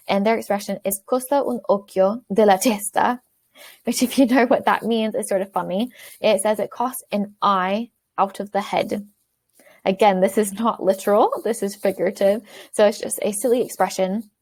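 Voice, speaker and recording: A woman teaching beginners in a self-recorded video lesson, repeating words slowly and clearly for learners. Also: medium pitch, darkish tone. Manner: clear, slow repetition for learners. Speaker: language teacher.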